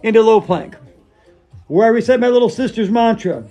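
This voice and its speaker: A man playing a gushing high-voiced yoga lady. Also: animated, fairly quick, warm tone, highs cut off, faint music behind. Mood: dreamy. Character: over-earnest female yoga instructor, gushing and dreamy. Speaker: yoga instructor. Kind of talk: comic yoga class sketch.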